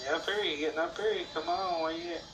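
A man giving excitable, playful commentary while playing a video game with a friend. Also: fairly high pitch, fast. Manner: excitable, hyped, playful trash talk. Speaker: gamer host. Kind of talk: casual gaming commentary. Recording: echoey, far from mic, music playing.

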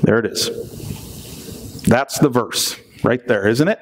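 A pastor preaches a conversational sermon in a medium-pitched voice, going slowly with long pauses. He reads scripture, jokes between passages, and keeps checking in with "right?".

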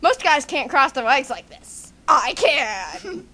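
A woman's voice: high-pitched, very animated, measured pace, bright, forceful tone, a little hiss or hum. A woman doing a silly, exaggerated comedic parody dub of an anime scene, often breaking into giggles. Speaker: fan dubber.

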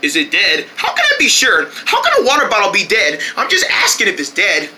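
This is a performer voicing a playful comedy skit, very bright and sharp in tone. The pitch leaps all over the place, between squeals and shouts. The talk is quick and rambling, full of restarts. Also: a little hiss or hum. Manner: excitable, shouts and squeals often.

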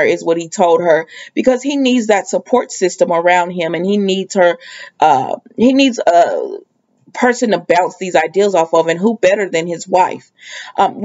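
A woman's voice: lowish voice, a little mellow. Chatty woman recapping a soap, lo-fi. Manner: chatty storyteller, acts out quoted lines. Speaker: soap opera recap vlogger. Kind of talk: casual episode recap.

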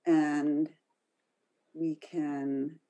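A woman's voice: sits low, flat delivery, drawn-out words, mellow. A woman co-leading an online workshop, explaining how emotions come across in speech. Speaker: workshop co-facilitator. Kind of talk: explaining in a video call workshop. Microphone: video call.

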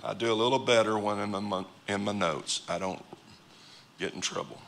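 A man preaching a sermon in a church, joking with sudden loud outbursts and quiet asides. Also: fairly low pitch, normal speed, gravelly. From United States. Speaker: pastor. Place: church auditorium.

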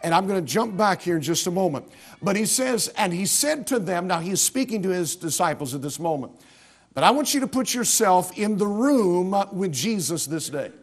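A man's voice: high-pitched, animated, normal speed, breathy edge. A man preaching a sermon in a church with an American accent, speaking emphatically in rising bursts and often restarting his sentences. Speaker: pastor. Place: church sanctuary.

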